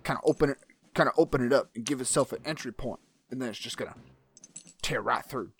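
A man's voice: mid-range voice, fast talker, gravelly, breathy edge. A man playing a gleeful weapons inventor in an improvised comedy podcast, with crude, boastful banter. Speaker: podcast host. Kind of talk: improvised comedy role-play.

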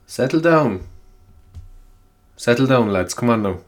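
A man's voice: medium pitch, animated, measured pace, loud music behind the voice, natural voice. A man playing a frazzled schoolteacher with an Irish accent who rambles through rhetorical questions. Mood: exasperated. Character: frazzled male schoolteacher in existential crisis. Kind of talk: comic sketch.

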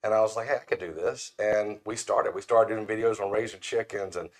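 A man's voice: fairly low pitch, a little fast. A man chatting casually on a podcast, telling folksy stories and acting out the people he quotes. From Florida panhandle. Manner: folksy storyteller, acts out quoted voices. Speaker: podcast guest, brand founder. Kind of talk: casual chat.

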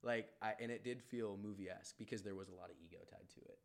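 A man's voice: steady tone, quick pace, vocal fry, a crowd in the background. A man, a podcast guest, talking casually and candidly, swearing freely, rambling with restarts and bursting into laughter. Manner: laughs often, jumps up sharply in pitch when amused. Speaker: podcast guest, barbershop owner. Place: studio room, leaning against a wall.

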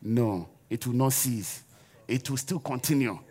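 A man's voice: mid-range voice, unhurried, darkish tone, breathy edge. A man preaching a sermon in a church, leading the congregation in call-and-response and forced laughter.

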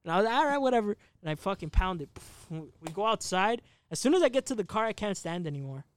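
A man in his twenties tells a rambling, profane story in a casual podcast chat, laughing at himself along the way. His high-pitched voice has lively intonation and moves at a quick pace.

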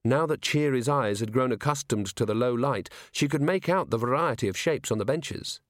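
A man reads a novel aloud as audiobook narrator, measured and clear. His voice sits in a middle pitch. The recording is dry and close, with no room sound. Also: dry recording. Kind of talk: scripted narration.

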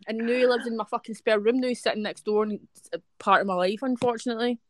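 Fast sweary Scottish woman. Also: fairly high pitch, steady tone. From Scotland. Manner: sweary, blunt storyteller. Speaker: podcast co-host. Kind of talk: casual chat.

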